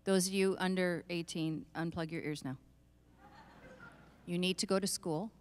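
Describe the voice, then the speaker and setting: A woman's voice: on the low side, fairly even intonation, moderate pace, slight background noise. A middle-aged woman from Canada, a voice actor on a convention panel, talking in a chatty, self-deprecating way and laughing between points. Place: large convention hall.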